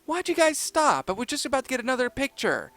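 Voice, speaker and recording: A man's voice: wildly swooping pitch, fast, a bit bright, heavily acted. A man voicing a playful young girl cartoon character who teases her friends in a raised voice. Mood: teasing. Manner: high, playful, whiny teasing.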